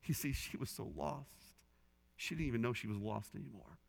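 A man's voice: medium pitch, lively intonation, moderate pace, vocal fry, breathy edge. A man preaching a sermon as a pastor, earnestly telling a story and quoting others with rising and falling intensity. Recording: long hall reverb.

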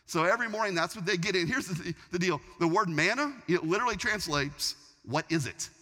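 A man preaching a sermon, telling a story in an animated way, often restarting his sentences. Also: high-pitched, fast. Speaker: pastor. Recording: long reverb of a large hall.

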